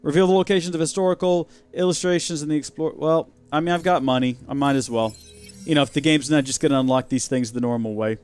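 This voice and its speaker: A man's voice: fairly high pitch, steady tone, quick pace, darkish tone, clear, resonant tone, faint music behind. A man hosting a gaming video, giving chatty, wry and sarcastic commentary as he plays. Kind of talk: let's play commentary.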